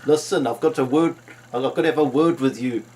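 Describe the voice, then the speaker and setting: A man's voice: mid-range voice, a little fast, darkish tone, natural voice. A man putting on a South African accent to play a bossy male optician scolding a patient.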